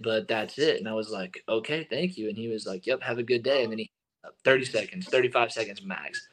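A young man tells a story in a loose, casual way, with filler words and snippets of quoted talk. His voice sits at an ordinary middle pitch. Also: a bit bright, rough recording. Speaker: baseball pitcher, interview guest.

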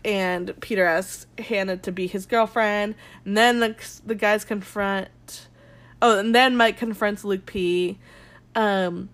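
A young woman hosting a podcast, recapping a show in a gossipy, dramatic way, swearing often and acting out quotes. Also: medium pitch. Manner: gossipy, dramatic, swears a lot, quotes people in animated voices. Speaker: podcast host. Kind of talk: casual recap chat.

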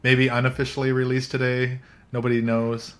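A man hosts a casual tech chat show alongside a co-host, recorded in a coffee shop. His medium-pitched voice is monotone and brisk, and he talks chattily, laughing often and restarting sentences.

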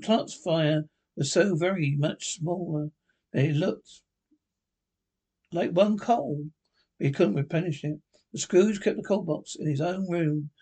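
A man's voice: on the high side, mellow. A man reading a storybook aloud as narrator, unpolished with frequent slips and restarts. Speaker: reader. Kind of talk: amateur audiobook narration.

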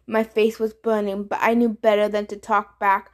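A woman reading a chapter of a novel aloud in steady storytelling narration. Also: medium pitch, moderate pace, few pauses. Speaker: reader. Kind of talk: audiobook reading.

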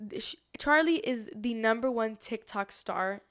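A woman in her twenties, co-hosting a podcast, telling stories in casual chat with an excitable, animated manner. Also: on the high side, a little slow, smooth. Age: 20s. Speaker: podcast co-host.

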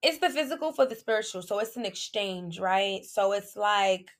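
A woman with giving a casual, preachy faith talk to her viewers, lively and playful with laughing asides. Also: mid-range voice, moderate pace. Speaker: faith vlogger.

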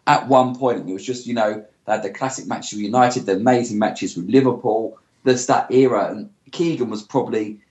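A man with a lowish voice speaks warmly and enthusiastically about football. His audio is muffled and echoey, as if recorded in a bare room on a weaker mic. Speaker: football podcast guest. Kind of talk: casual podcast discussion. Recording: echoey, dull sound.

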